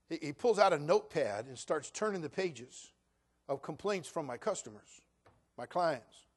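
A pastor in his sixties delivers a sermon with a high voice. He tells joking personal stories and rises into loud, fervent preaching. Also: lively intonation, a little fast. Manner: humorous storytelling, building to loud preaching.

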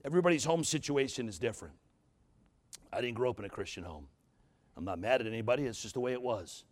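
A man with a New York accent delivers an energetic revival sermon. His voice is unusual and husky. He punches his words hard and keeps calling out to the congregation. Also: mid-range voice, fast talker. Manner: fiery, emphatic, calls out to the congregation. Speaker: guest preacher. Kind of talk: revival preaching. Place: church sanctuary.

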